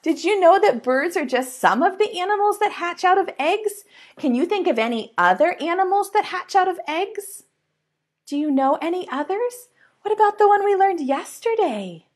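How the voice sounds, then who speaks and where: A woman teaching preschool online, reading a picture book aloud to young children in a slow, singsong storytime manner with animated exclamations. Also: very high voice.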